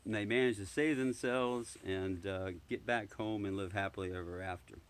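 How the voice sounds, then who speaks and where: A man introducing and reading a children's storybook aloud in a relaxed, chatty way with filler words. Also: on the low side, normal speed, smooth.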